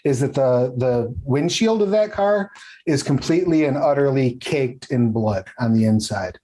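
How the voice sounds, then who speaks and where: A man's voice: mid-range voice, expressive, moderate pace, dark tone, low-quality recording. A man narrating as game master of a tabletop game, with a rambling, filler-heavy delivery. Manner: rambling, many fillers and restarts.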